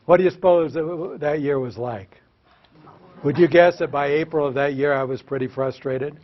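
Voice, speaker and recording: A man's voice: a little high, normal speed, lo-fi sound. An older American man, a former teacher, telling self-mocking stories to an audience and asking them questions. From United States. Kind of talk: humorous storytelling talk to an audience.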